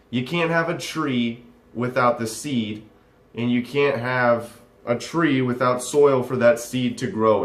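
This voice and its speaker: Young man, sarcastic, profane rant, rambling, echoey room. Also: medium pitch. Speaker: vlogger. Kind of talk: ranting commentary reacting to a text.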